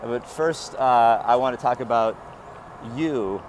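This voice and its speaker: A man's voice: mid-range voice, slow pace. A Canadian man hosting a walking interview on a city street, rambling with many fillers and slightly out of breath. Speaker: podcast host. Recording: faint traffic noise outdoors.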